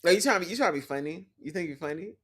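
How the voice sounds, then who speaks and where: A woman hosting a casual livestream chat, animated and teasing, who laughs often and talks straight to her viewers. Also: on the low side, rapid-fire, husky. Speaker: host.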